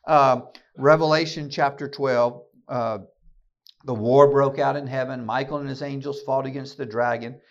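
A man's voice: mid-range voice, lo-fi sound. Man preaching a fiery keynote sermon. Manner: emphatic, rallying, with many repeated word restarts. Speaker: keynote speaker and podcast host. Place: meeting room with an audience.

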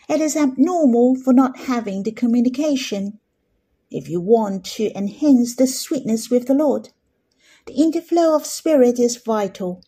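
A woman giving gentle devotional Bible teaching and leading listeners through spoken prayer. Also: fairly high pitch, slightly rough.

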